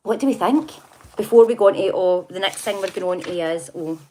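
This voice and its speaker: A middle-aged woman with a Scottish accent talks through the news on a relaxed livestream. Her voice sits a little low, and she chats in a gossipy way, laughing often and reacting to viewer comments as she goes. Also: brisk. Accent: Scottish (Glasgow area). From Scotland. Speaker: livestream host. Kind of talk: casual livestream chat reading news and comments.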